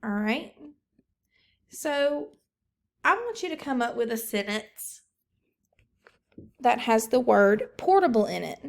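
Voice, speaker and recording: A woman teacher giving a recorded phonics lesson, talking slowly and encouragingly to young pupils. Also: on the high side, big pitch swings, creaky.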